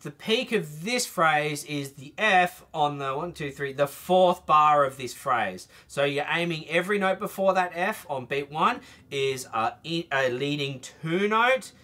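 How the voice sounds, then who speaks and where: A man's voice: a little high, animated, measured pace, few pauses, bright, forceful tone. A man teaching a trumpet masterclass, explaining phrasing and singing short bits to demonstrate.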